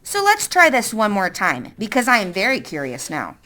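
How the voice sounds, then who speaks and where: A woman voicing a sharp, probing middle-aged woman with a wooden leg, questioning a boy sardonically in a read-aloud story. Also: mid-range voice, huge pitch swings, moderate pace. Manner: sardonic, interrogating.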